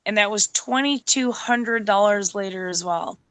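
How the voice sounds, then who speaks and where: Bright, dry-sounding woman from Canada. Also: mid-range voice, normal speed, clean tone, no echo, low-quality recording. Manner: chatty, heavy "like" filler, coos at dog. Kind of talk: casual chat.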